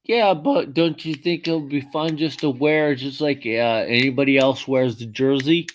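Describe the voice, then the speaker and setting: A drunk man hosting a livestream, loud and profane, laughing with his callers. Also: medium pitch, measured pace. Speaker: host. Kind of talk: livestream chat.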